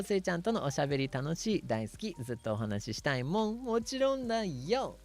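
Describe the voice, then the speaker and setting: A man's voice: fairly high pitch, very animated, very fast, few pauses, darkish tone. A man hosting a casual chat stream, reading viewer messages in a playful, giggly way and mixing English and Japanese with cat-like "nyan" sign-offs. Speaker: streamer host.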